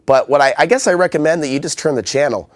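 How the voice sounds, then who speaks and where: A man's voice: fairly high pitch, fast talker, no room sound, studio quality. A man hosting a call-in public access show, talking in a loose, rambling way with many fillers and restarts. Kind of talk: casual call-in talk.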